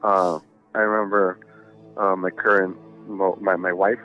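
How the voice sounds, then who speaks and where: Sitting low with a flat delivery and a slightly bright tone, the man speaks at a measured pace over soft background music. His ghost story, told casually as a podcast guest over a tinny phone-like line, rambles and is profane and filler-heavy.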